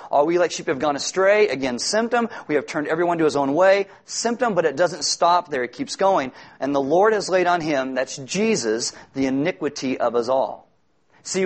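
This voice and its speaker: A man preaches in a relaxed, conversational tone, poking fun at himself before circling back to repeat his key points with emphasis. His speaking voice sits a little high for a man. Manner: conversational, self-deprecating, emphatic repetitions. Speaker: pastor. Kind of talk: sermon.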